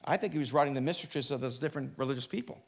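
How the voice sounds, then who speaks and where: A man preaching a sermon in a church, animated and conversational, with quick asides and frequent restarts. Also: vocal fry, breathy edge. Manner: animated preaching, often rising in pitch and volume. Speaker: pastor. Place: church sanctuary, live broadcast.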